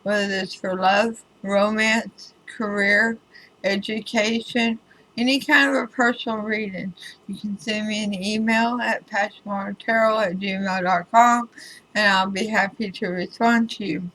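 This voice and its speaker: Casual woman tarot reader, unhurried delivery, bright voice, emphatic with dry humor. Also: medium pitch, steady tone, low-quality recording. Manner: chatty and emphatic, with wry asides. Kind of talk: casual spoken tarot reading video.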